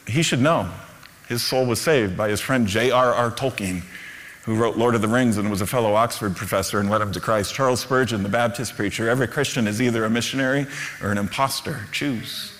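A man's voice: on the low side, fairly quick, a bit bright, in a large hall. A middle-aged man, a Lutheran pastor, preaching a storytelling sermon that builds to fervent emphasis. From United States.

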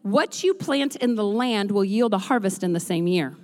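A woman pastor preaching a sermon in a church, swinging from chatty, joking asides into loud, rhythmic preaching. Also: mid-range voice, lively intonation, moderate pace. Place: church sanctuary. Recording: long reverb of a large hall.

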